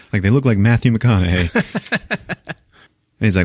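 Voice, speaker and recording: A man's voice: fairly low pitch, sing-song, unhurried, pauses often, no room sound, studio quality. A man hosting a podcast, casually recapping a film in loose, profane storytelling and voicing the characters as he goes. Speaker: podcast host.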